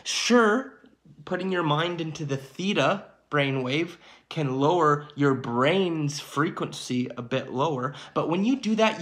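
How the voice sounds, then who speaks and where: A man's voice: fairly high pitch, expressive, takes it slowly, fairly bright tone. A man giving an emphatic, preachy spiritual monologue to his viewers, often checking in with "okay" and "my friends". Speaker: channel host.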